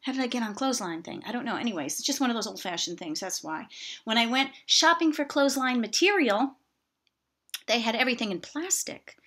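Woman, middle-aged, bright and forceful voice, fairly high, chatty exasperated rant. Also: expressive, fairly quick. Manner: chatty, exasperated, self-mocking asides. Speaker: vlogger. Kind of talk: casual rant to camera.

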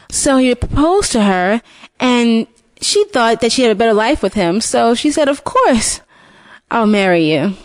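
A woman storyteller retells a fairy tale from memory, unscripted, frequently restarting and repeating words along the way. Her voice is on the high side with a darkish tone, recorded with no room sound.

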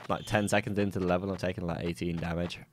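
A man doing let's play commentary, swearing and yelling angrily at the enemies in his game. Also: sits low, level tone, fast talker. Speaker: gaming channel host. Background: faint game music.

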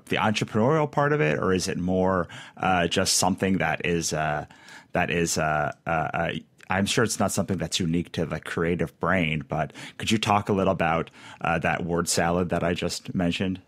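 Man, podcast host, halting and filler-heavy, very deep voice. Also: fairly bright tone. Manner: halting, many fillers and restarts. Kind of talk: podcast interview.

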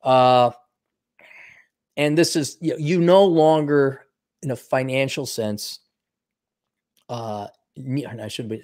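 A man's voice: medium pitch, takes it slowly, long pauses, darkish tone. A man talking in a casual unscripted monologue, blunt, sardonic and opinionated, and saying he is losing his voice. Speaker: video commentator.

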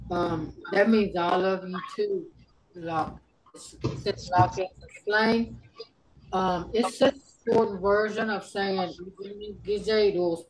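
Woman, language teacher on a video call, patient and slow, repeats words for learners. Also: mid-range voice, darkish tone, low-quality recording. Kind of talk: online language class.

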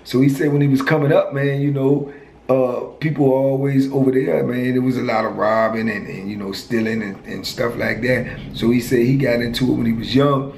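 A man's voice: mid-range voice, fairly even intonation, moderate pace, gravelly, darkish tone. A man in his fifties telling a story in casual street slang, filled with "you know" and "man", as a former prisoner, in an echoey room with faint noise.

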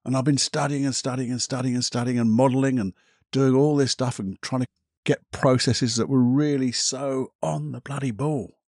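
A middle-aged man, a hypnotherapist hosting his own podcast, telling a personal story in a reflective, candid way with casual swearing and halting pauses. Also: medium pitch, steady tone, a little mellow, no echo, clean studio sound.

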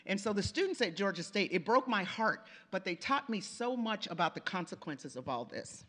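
A woman lecturing on language and reading delivers a conference presentation in a chatty style, full of stories and little asides to the crowd; she hails from the Pacific Northwest of the United States. Her voice is mid-range, animated and a bit bright, moving at a moderate pace. The lecture hall adds noticeable reverb.

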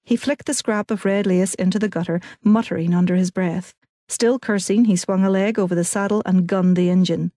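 A woman narrating an audiobook in even, clear storytelling. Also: medium pitch, brisk, no room sound, clean studio sound. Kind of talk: scripted narration.

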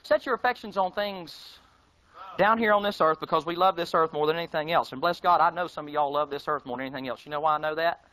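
A man preaching a fiery, folksy sermon. He mocks his listeners and swings between shouting and hushed tones. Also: fairly high pitch, fast, low-quality recording.

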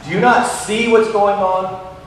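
A man's voice: sits high, fairly even intonation, unhurried, a little hiss or hum, pitched above the performer's own voice. A man voicing a weary, self-pitying male prophet who pleads with God in a complaining, repetitive way. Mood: pleading. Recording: echoey hall from far off.

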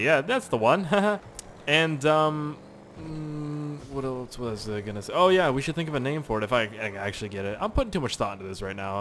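A young man from Canada giving rambling, profane gameplay commentary with sudden excited yelps. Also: mid-range voice, a little hiss or hum. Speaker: gaming channel host.

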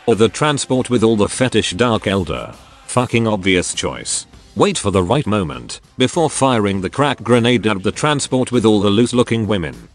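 Low, lively synthetic male story reader. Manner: reads crude first-person anecdotes straight through. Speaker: narrator. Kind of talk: text-to-speech reading of forum stories.

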